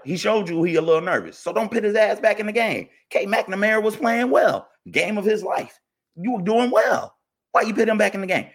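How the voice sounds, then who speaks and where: A man with a husky, breathy edge to his voice rants about a game in heated, repetitive bursts. His comes through in loose, slangy phrasing, and he sounds fired up throughout. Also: mid-range voice. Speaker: podcast co-host. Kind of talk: heated sports rant.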